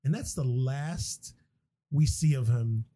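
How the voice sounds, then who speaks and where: A young man in casual podcast chat, swearing freely as he excitedly retells a movie plot. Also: medium pitch, takes it slowly. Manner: animated, profane movie retelling.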